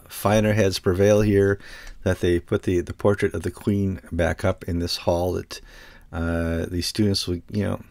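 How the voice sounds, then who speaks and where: A man's voice: low-pitched, creaky, dry recording. A man hosting a casual news discussion, who jokes and laughs between his remarks. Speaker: news show host.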